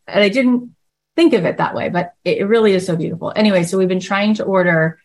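A woman hosting, telling a casual story in a chatty, animated way, often acting out quoted dialogue and saying "like" a lot. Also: medium pitch, fast.

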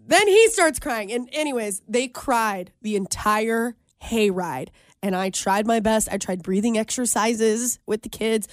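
A young woman co-hosting a radio show, telling a story in an animated way and laughing often. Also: fairly high pitch, a little slow, no room sound, clean studio sound. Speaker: radio co-host. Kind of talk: casual radio chat.

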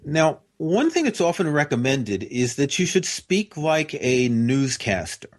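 A man's voice: fairly high pitch, big pitch swings, measured pace. A man with a General American accent, a guest patiently explaining things step by step in an interview. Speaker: guest expert.

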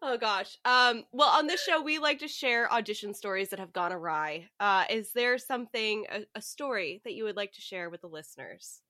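A woman hosting a podcast, chatty and playful, quick to laugh and ask questions. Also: mid-range voice, expressive, sharp tone. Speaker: podcast host. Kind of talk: casual interview chat.

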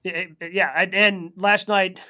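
A wrestling podcast co-host talks fast and casually, restarting sentences often. The voice is bright and forceful, and the delivery is rapid. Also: mid-range voice, little pitch movement.

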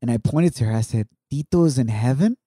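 A man's voice: mid-range voice, expressive, quick pace, mellow, slightly rough, no echo. A man in his thirties sharing an emotional personal testimony on a podcast, reflective and heartfelt, mixing in Spanish words. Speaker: podcast co-host.

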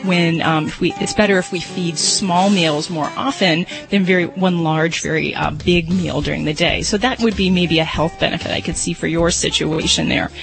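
A woman's voice: on the low side, poor audio. A woman with a nasal Chicago accent, answering a caller's question as the veterinarian on a radio call-in show, explaining patiently and using lots of fillers. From Chicago area. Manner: explanatory, friendly, fond of fillers like "kind of". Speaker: veterinarian co-host.

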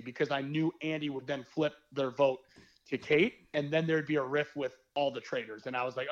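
A man's voice: mid-range voice, fairly even intonation, moderate pace. Candid, rambling young man, slightly muffled. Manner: rambling, candid storytelling with slang and swearing. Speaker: podcast guest, former reality show contestant. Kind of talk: casual podcast chat.

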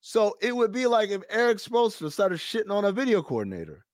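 Fairly quick and high-voiced, a man tells a story on a podcast, the recording dry and studio-clean. As co-host in a casual conversation, he's animated and profane, quoting others by imitating how they sounded.

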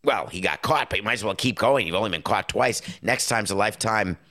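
A middle-aged man hosts a sports talk show, speaking a little fast in a lowish voice. His opinionated monologue is emphatic and sarcastic, punctuated by sudden loud stresses.

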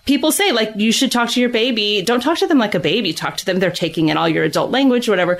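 A middle-aged woman, a guest author, chatting in a casual podcast interview, animated and full of fillers. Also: mid-range voice, quick pace. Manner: chatty and animated, many fillers, laughs easily. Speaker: guest author of a parenting book.

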